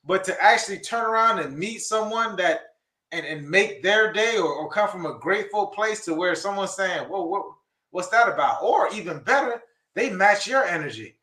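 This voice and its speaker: Earnest high-voiced man in an echoey room. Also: animated, moderate pace, bright, forceful tone. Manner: earnest, repeats words, folksy. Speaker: co-host. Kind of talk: casual chat.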